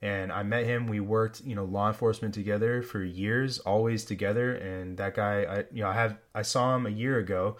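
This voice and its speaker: Low-voiced relaxed man chatting. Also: a little fast, hardly any pauses. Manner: relaxed, reflective, filler-heavy. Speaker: podcast host. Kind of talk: casual chat.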